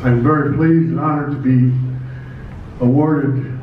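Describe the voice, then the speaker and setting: An older man from Nebraska giving a hall of fame acceptance speech, halting and self-deprecating, with many restarts. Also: mid-range voice, steady tone, recorded from a distance, phone-quality sound, a little hiss or hum. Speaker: award recipient giving a speech.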